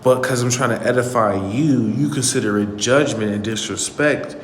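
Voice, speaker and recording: A man's voice: mid-range voice, normal speed, reverberant, big-room sound, a little hiss or hum. A man hosting his channel, giving an earnest, indignant commentary on a clip he played and repeating his points for emphasis. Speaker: channel host.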